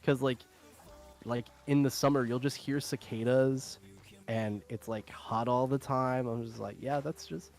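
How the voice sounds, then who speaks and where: Young man, casual streaming chat, rambling with fillers, mid-pitched voice, faint music behind. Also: flat delivery, a little slow, a little mellow. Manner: rambling, filler-heavy, laughs often. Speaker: streamer host.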